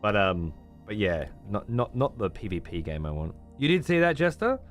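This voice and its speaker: A man's voice: fairly low pitch, very animated, normal speed, faint music behind. A man with an Australian accent, hosting a stream in casual, profane chat and laughing often. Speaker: streamer host.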